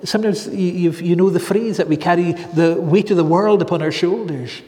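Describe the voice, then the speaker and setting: A man preaching a sermon in an earnest, measured way, with emphatic pauses. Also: high-pitched, dark tone. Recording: long reverb in a large hall.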